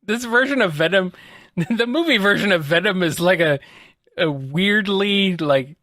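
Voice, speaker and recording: A podcast co-host who laughs easily and reads listener questions aloud. The voice swoops around a lot at an unhurried pace. The sound is dry and close. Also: mid-range voice, animated, fairly bright tone, dry recording. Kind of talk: casual podcast chat.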